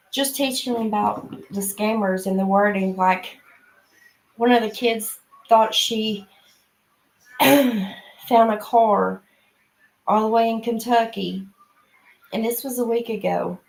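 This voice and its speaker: Unhurried, chatty mother. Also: medium pitch, fairly even intonation, creaky, rough recording. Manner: chatty and unhurried, with frequent laughs and fillers. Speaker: live-stream host and mother. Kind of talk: casual live-stream chat.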